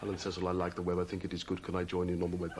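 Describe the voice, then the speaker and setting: A man's voice: high-pitched, sing-song, fairly quick, very noisy. A man playing a pompous, self-important adult male hobby obsessive in a sketch comedy monologue.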